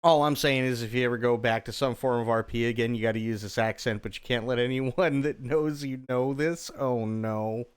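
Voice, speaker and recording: A man's voice: mid-range voice, fairly even intonation, moderate pace, few pauses, smooth. Rambling, casual male livestreamer. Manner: rambling, repeats himself, swears casually.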